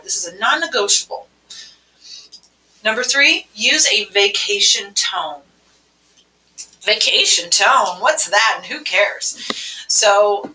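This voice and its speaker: A woman leading a hospitality training webinar, talking in a lively, emphatic way and acting out sample phone greetings. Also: mid-range voice, reverberant, distant mic, poor audio.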